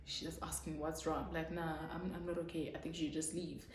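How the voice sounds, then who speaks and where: A woman's voice: low voice, level tone, a little fast, slight background noise. Frank woman, echoey room. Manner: frank, dramatic storyteller. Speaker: vlogger. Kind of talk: storytime vlog.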